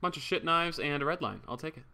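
A man's voice: fairly high pitch, lively intonation, fast talker, creaky, pushed and bright, clear, resonant tone. A young man streaming a game, chatting casually, joking, swearing and thanking subscribers as he reads the chat. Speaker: livestreamer.

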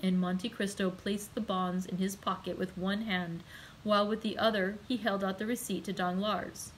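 A woman, a librarian, reading a classic novel aloud in a measured, clear way. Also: mid-range voice, steady tone, slight background noise, low-quality recording. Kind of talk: audiobook read-aloud.

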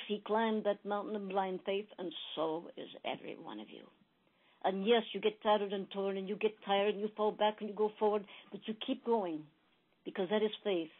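A woman telling a spiritual parable in a gentle, emphatic, repetitive storytelling manner. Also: mid-range voice. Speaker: spiritual channeler. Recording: tinny phone-like recording.

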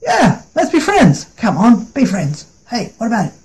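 A man playing a squeaky little billy goat. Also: wildly swooping pitch, normal speed, darkish tone. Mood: coaxing. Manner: eager, wheedling and hungry. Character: small eager young male billy goat.

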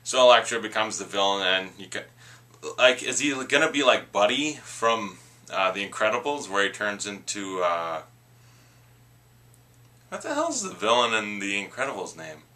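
A man's voice: lowish voice, very animated, normal speed, bright, forceful tone. Blunt man ranting about movie trailers. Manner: opinionated, rambling, blunt. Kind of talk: casual opinionated rant.

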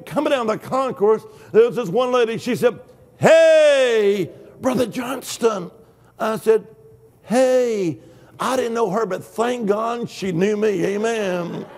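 A high-pitched older man preaching a lively sermon. He swings between storytelling and shouted praise, acting out the voices in his tale. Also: a little slow. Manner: exuberant, shouting hallelujahs, acting out dialogue. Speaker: guest preacher. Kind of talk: Pentecostal-style sermon.

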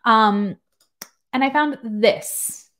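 A woman's voice: on the high side, drawn-out words, a bit bright. A woman in her thirties, a nurse practitioner, giving sarcastic, chatty reaction-video commentary full of fillers.

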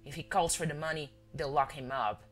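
A woman voicing an agitated older man, a father who stammers and shouts. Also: low voice, fairly even intonation, fairly quick, faint music behind, natural voice. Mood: defiant.

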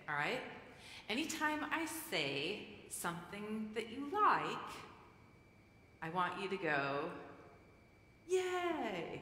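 A bright-voiced woman pastor talking slowly and playfully with children, coaxing them to join in. She is heard in a church sanctuary with a roomy, long reverb around her. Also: medium pitch, a little hiss or hum. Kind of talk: children's message in a church service.

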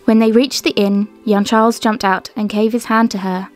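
Woman reciting a ballad over soft music. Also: mid-range voice, fairly even intonation. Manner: measured recitation. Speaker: co-host. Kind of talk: reading a poem aloud and narrating history.

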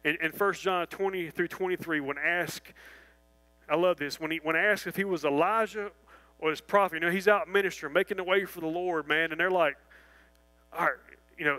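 A man preaching a sermon in a church, animated and folksy, full of restarts and asides. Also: high-pitched, brisk, rough recording. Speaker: pastor. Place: church sanctuary.

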